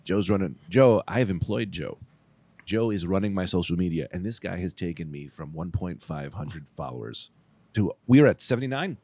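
A man hosting a podcast, joking in casual chat with deadpan asides. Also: deep voice, moderate pace, no echo. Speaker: podcast host.

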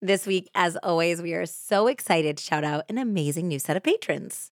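A woman's voice: on the low side, animated, normal speed, no echo, clean studio sound. A woman in her thirties co-hosting a true crime podcast, chatting and laughing between scripted narration. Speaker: podcast co-host.

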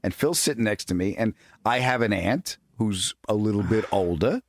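Animated man telling a funny story. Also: lowish voice, moderate pace, dry recording, clean studio sound. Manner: animated, laughing storyteller acting out quotes. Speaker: podcast host. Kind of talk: casual comedic storytelling.

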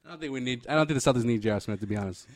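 A man's voice: mid-range voice, racing. A man co-hosting a sports podcast in casual chat, laid back and running the sign-off. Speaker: podcast co-host.

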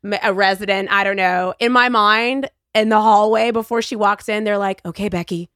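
A middle-aged woman as a podcast guest, telling her story in wry, animated casual conversation and acting out the voices of the people she quotes. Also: medium pitch, normal speed, no room sound, clean studio sound.

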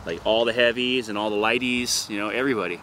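With a lowish voice and a quick pace, a North Shore, Oahu surfer swears his way through a rambling, animated story about surfing during a relaxed interview. A little hiss or hum runs under the recording.

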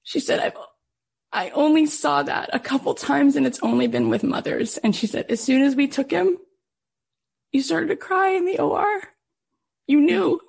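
A woman's voice: high-pitched, normal speed, creaky. A woman podcast host telling a heartfelt personal story, emotional and acting out what others said. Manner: emotional, quotes others in lively voices.

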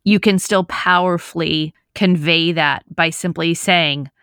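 Woman podcast host, lowish smooth voice, dry close sound, thoughtful questioner. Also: fairly even intonation, measured pace, fairly bright tone, no room sound. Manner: thoughtful, builds long questions. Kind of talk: casual podcast conversation.

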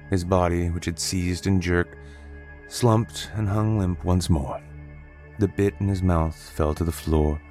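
A man narrating a horror story in a steady, deliberate, dramatic way. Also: low voice.

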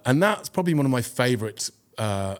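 Chatty actor, easygoing storyteller. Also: male voice, mid-range voice, big pitch swings, brisk. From England. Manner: chatty, self-deprecating storyteller with frequent "you know" and restarts. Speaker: guest actor. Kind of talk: casual chat.

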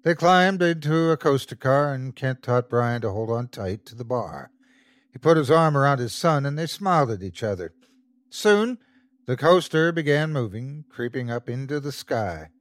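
A man's voice: medium pitch, expressive, moderate pace, no room sound, clean studio sound. A man narrating a scripted horror story as the show's host, telling it expressively.

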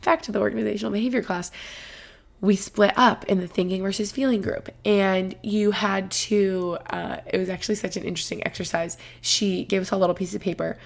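A woman's voice: medium pitch, steady tone, fairly quick, creaky. A woman in her twenties hosting a casual solo podcast, rambling and emotional, with lots of "like". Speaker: podcast host.

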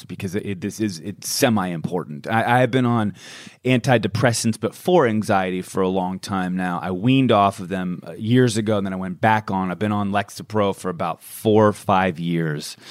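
A man's voice: fairly low pitch, no echo, studio quality. A man co-hosting a podcast, talking candidly and rambling in a self-deprecating way. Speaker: podcast co-host. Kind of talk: casual chat.

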